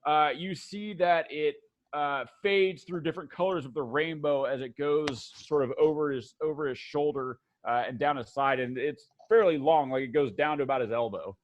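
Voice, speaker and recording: A man's voice: on the high side, moderate pace, highs cut off. A man narrating as game master, loose and rambling, laughing often.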